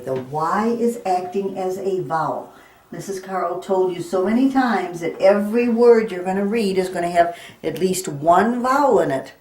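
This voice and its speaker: A middle-aged woman leads a children's phonics lesson in a slow, sing-song teacherly voice. Her pitch sits a little low, and she takes her time over every sound. The recording carries noticeable room echo. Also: darkish tone. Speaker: reading teacher.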